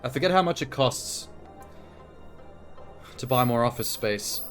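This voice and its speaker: A man's voice: medium pitch, expressive, a little slow, faint music behind. Chatty man streaming a game. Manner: chatty, profane, self-talking while playing. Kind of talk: casual let's-play commentary.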